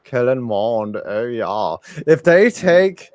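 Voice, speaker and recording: Male streamer host, mid pitch, jokey, reads viewer messages; dry sound. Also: sing-song, takes it slowly, darkish tone, no echo. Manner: joking, reading viewer messages aloud. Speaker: livestream host. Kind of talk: casual live reaction chat.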